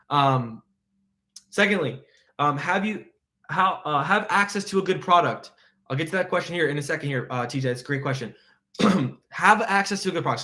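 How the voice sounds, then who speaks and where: A man coaching insurance sales on a live stream, talking fast and excitedly, piling up rhetorical questions and repeating points. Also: on the high side. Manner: energetic, motivational, fast and excited.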